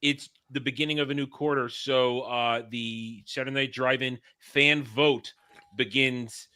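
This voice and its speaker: A regular on a live-stream chat, announcing upcoming shows with relaxed teasing and the odd swear. His voice is bright and mid-pitched. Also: measured pace.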